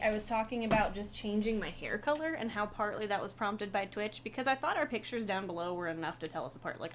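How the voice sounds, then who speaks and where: A woman's voice: medium pitch, a bit bright, slight background noise. A woman co-hosting a livestream, chatting casually, laughing often and restarting her sentences. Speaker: livestream co-host. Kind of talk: casual chat.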